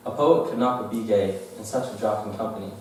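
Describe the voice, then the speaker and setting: A teenage boy reciting a poem as a student contestant in a steady, even flow with brief lifts for emphasis. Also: lowish voice, fast talker, slight background noise. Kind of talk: poetry recitation. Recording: echoey hall from far off.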